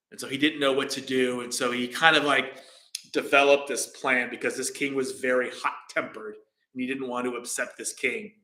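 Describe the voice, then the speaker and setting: Brief: casual male meditation teacher, bright voice, roomy echo, rambling storyteller. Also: medium pitch, steady tone, moderate pace. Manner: casual, rambling, many fillers. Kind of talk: dharma talk storytelling.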